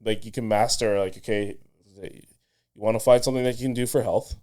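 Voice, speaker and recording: A man hosting a podcast in relaxed, conversational chat, musing aloud. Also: lowish voice, a little fast. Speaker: podcast host.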